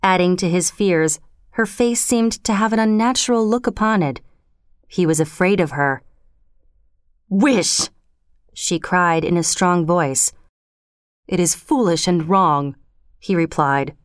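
Smooth-voiced woman reading a story. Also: fairly low pitch, normal speed, no echo, studio quality. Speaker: narrator. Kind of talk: audiobook narration.

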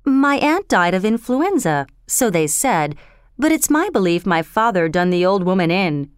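A woman voicing a fiery young flower girl with a Cockney accent and rough, blunt grammar, in a storybook reading. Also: medium pitch, big pitch swings, moderate pace, no room sound, studio quality, natural voice.

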